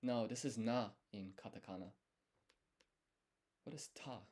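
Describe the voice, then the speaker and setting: A man's voice: medium pitch, measured pace, darkish tone, slightly rough. A man thinking aloud as he studies, explaining each step and quizzing himself under his breath. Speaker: language learner streaming his study. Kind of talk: thinking aloud while studying.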